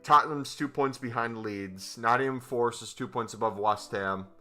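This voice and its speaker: A male streamer chatting during a live game stream on his microphone, excitable and joking. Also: mid-range voice, normal speed, faint music behind. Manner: excitable and joking, with whoops and laughs.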